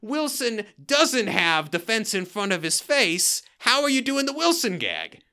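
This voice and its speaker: A man's voice: high-pitched, a little slow, smooth. A man co-hosting a podcast, chatting casually and joking playfully about a sitcom episode. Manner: playful, jokey, animated. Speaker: podcast co-host. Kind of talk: casual chat.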